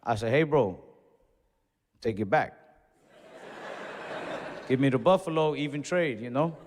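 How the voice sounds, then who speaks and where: On a comedy stage in a hall, a stand-up comedian with a mid-range voice tells an unhurried story, animatedly acting out its characters in dialogue and laughing mid-story. The recording carries live hall reverb and faint ambience.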